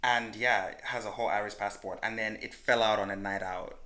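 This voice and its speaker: Bright-voiced man telling stories. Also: lowish voice, fairly quick. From Malawi. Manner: animated, frank storyteller who swears freely. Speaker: podcast co-host. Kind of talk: casual storytelling chat.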